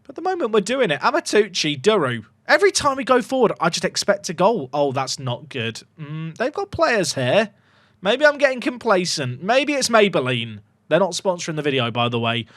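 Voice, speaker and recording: A man commentating his own football management game, excitable and jokey, reacting loudly to goals. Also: sits high, fairly quick, no echo, clean studio sound. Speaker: gaming YouTuber.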